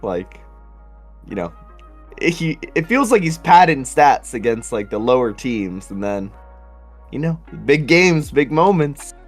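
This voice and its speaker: A man co-hosting a casual sports podcast, giving lively, quick opinions. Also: mid-range voice, faint music behind. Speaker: podcast co-host.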